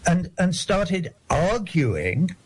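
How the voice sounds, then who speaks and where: Husky older man, rambling. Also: high voice, big pitch swings, very slow. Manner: rambling, digressive, indignant. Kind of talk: casual discussion.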